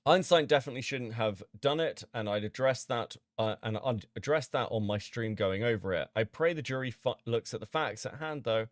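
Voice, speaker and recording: A man streaming casually as he reads out chat logs and reacts with sudden loud disbelief and swearing. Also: mid-range voice, brisk, hardly any pauses, dry recording, clean studio sound.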